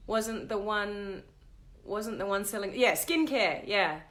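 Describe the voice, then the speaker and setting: A woman hosting a live stream talks casually into a webcam, chatty and animated. Her pitch sits in a middle range, and she moves easily between storytelling and reading viewer comments aloud. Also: measured pace, roomy sound. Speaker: host of a live video stream.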